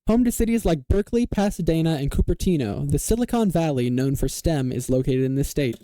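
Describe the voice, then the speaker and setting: A man hosting a casual online quiz game, reading clues aloud and confirming answers with a quick "yes, sir". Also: a little high, expressive, warm tone, no room sound. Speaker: quiz show host.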